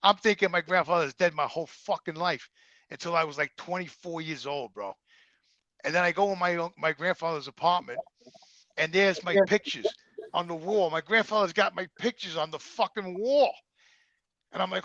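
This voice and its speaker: A middle-aged man with a New York accent telling profane, animated stories in casual conversation. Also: sits high, moderate pace, no echo, muffled recording. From Brooklyn, New York. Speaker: guest. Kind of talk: casual storytelling.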